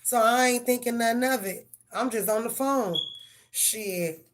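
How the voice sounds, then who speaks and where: A woman's voice: fairly high pitch, a little slow. Profane woman doing live tarot readings. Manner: blunt, profane, talks straight to viewers. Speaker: tarot reader. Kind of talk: live-stream tarot reading and casual chat.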